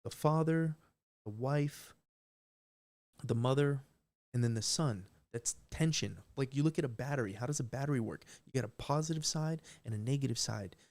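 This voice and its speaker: A man's voice: medium pitch, moderate pace, a little mellow. A man talking live on a stream, rambling and emphatic, swearing often and restarting his sentences. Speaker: livestream host. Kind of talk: unscripted live stream rant.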